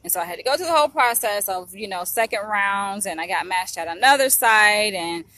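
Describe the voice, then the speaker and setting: A young woman talks straight into her own camera in a loose, chatty vlog. Her voice is bright and clear, and she speaks with open emotion, often calling out to her viewers as she tells her story. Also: mid-range voice, lively intonation, brisk, dry recording. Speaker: vlogger, psychology trainee. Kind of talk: casual chat to camera.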